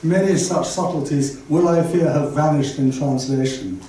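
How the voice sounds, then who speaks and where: Speaking at a moderate pace, this older guest lecturer has a warm voice on the high side. He wanders through a chatty public talk before an audience, peppered with asides and fillers, recorded from a distance in a very echoey lecture room with faint noise behind.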